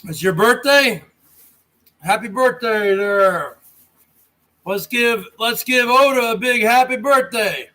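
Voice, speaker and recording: A man's voice: very high voice, takes it slowly, bright, forceful tone. An American man hosting a casual livestream, reading chat and taunting viewers by name. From United States. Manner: mocking, taunting, talks straight to chatters.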